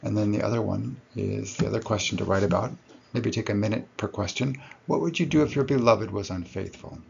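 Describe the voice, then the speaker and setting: A man's voice: lowish voice, brisk, gravelly, highs cut off, slight background noise. A man giving a recorded lecture to his students, explaining step by step and correcting himself as he goes.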